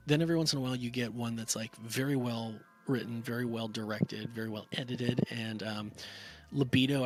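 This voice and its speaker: A man's voice: mid-range voice, sharp tone. A man giving a casual, rambling spoken movie review, full of fillers and restarts. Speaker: film reviewer.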